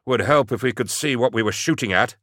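A man's voice: mid-range voice, a little fast, fairly bright tone, no room sound, studio quality, pitched above the performer's own voice, natural voice. A man voicing a stern male commissar who leads his troops in clipped, commanding orders. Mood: barking orders. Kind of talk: audiobook character voice.

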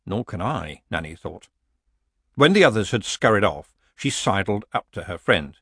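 A man's voice: fairly low pitch, very animated, normal speed, a bit bright, slightly rough, no room sound, clean studio sound. A man narrating a comic fantasy story as an audiobook reader.

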